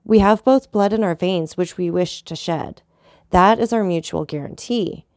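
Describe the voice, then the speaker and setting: Icy, unshakable count in a storybook reading, calm and ironic, crisp dry sound; a woman reads him. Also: fairly low pitch, normal speed, no room sound, close to an everyday voice. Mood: cool, disdainful. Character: cold, proud, unshakable male count.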